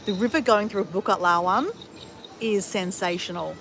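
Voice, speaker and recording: On her travel livestream, this woman in her fifties speaks at a normal speed in a mid-range, fairly bright voice. She rambles chattily as she responds to viewers, cursing frequently, and a little hiss or hum sits under the audio.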